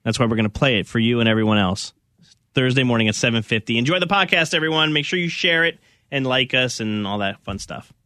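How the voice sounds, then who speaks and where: A man's voice: medium pitch, fast talker, sharp tone, dry recording, studio quality. A man hosting a casual radio show podcast, chatty and laughing as he reads listener texts.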